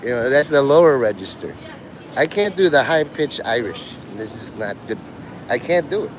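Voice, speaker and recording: A man streams live while out on a walk, talking casually as he rambles, jokes and briefly imitates others in quoted voices. He sounds very animated in a mid-range voice, and there is a slight hiss or hum.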